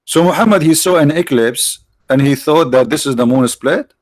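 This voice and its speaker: A man's voice: a little high, moderate pace, dry recording. Sarcastic man hosting a debate livestream. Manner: mocking, sarcastic, with broken English phrasing. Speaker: livestream host. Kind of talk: livestreamed religious debate commentary.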